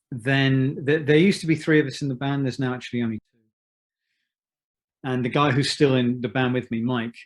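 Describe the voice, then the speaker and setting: A man in his fifties, a musician being interviewed, who talks in a thoughtful, measured way with many restarts. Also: mid-range voice. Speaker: musician guest. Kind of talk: reflective interview talk.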